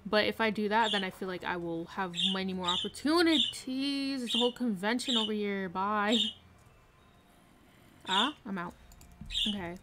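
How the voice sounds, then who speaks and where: A woman streams a video game live, chatting casually, talking to herself, reading chat and giggling often. Her voice is medium-pitched and expressive at a normal speed, with faint noise, mouse clicks and typing in the background.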